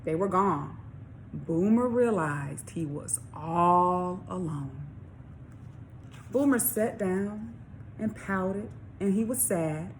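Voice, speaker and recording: A woman author reading her children's story aloud, expressive, with questions to young listeners. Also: lowish voice, takes it slowly, a little hiss or hum. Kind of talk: storybook read-along for children.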